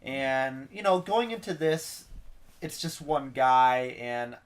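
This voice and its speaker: A man's voice: mid-range voice, lively intonation, slow pace. A man co-hosting a podcast in casual chat, easygoing and thinking aloud. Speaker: podcast co-host.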